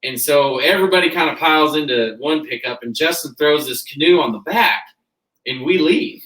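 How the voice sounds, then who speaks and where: A man's voice: a little high, moderate pace. Man animatedly telling a wild story. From Kansas. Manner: animated, laughing through the tale, acting out quotes. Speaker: guest, rodeo cowboy. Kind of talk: casual storytelling. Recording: roomy sound from a distant mic.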